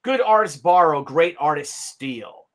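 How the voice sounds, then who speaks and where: A man in his fifties hosting a casual livestream, ranting in an animated, sarcastic and profane way. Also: fairly high pitch, a little slow. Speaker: comic artist hosting a livestream.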